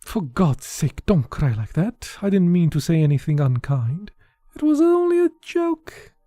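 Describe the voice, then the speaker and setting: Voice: mid-range voice, very animated, measured pace, dark tone, no echo, faint music behind. A reader voicing a charming, persuasive man in an audiobook, coaxing and soothing. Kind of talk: audiobook dialogue.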